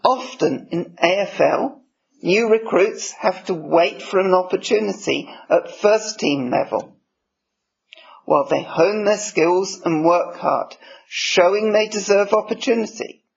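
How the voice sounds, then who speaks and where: Aussie guy preaching, high-ish gravelly voice, takes his time, kinda muffled recording. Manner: measured, slow reading of scripture. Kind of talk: sermon. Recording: dull lo-fi recording.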